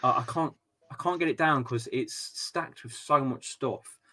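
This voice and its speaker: A young English man chatting through a live football watchalong stream, reading comments and cracking jokes. His voice is bright and forward. He rambles and stumbles over his words as he talks. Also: medium pitch, normal speed. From England. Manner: chatty, jokey, repeats himself and stumbles on words. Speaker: host of a fan watchalong stream.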